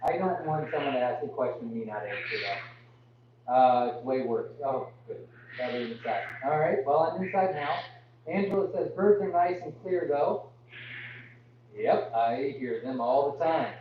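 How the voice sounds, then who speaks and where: A young man hosting a live farm Q&A, reading viewer comments aloud and answering with apologies, straining his voice to talk louder. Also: medium pitch, expressive, normal speed. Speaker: farm livestream host. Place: indoors on a farm. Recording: muffled, distant, echoey, with hum.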